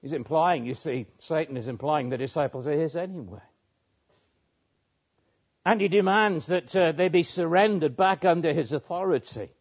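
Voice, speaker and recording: A man preaching a measured expository sermon, with pauses and small restarts. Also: a little high, breathy edge. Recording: muffled lo-fi sermon recording.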